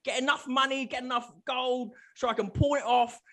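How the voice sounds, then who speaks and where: A man's voice: very high-pitched, fairly even intonation, fairly quick, a bit bright. A man voicing a washed-up male adventurer hooked on healing potions, who talks in a rambling, easygoing way.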